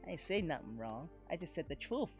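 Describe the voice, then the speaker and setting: A man's voice: a little high, very animated, brisk, faint music behind. A man streaming as a VTuber, chatting casually with a sarcastic, self-mocking humor and frequent laughs. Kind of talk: casual live-stream chat while drawing.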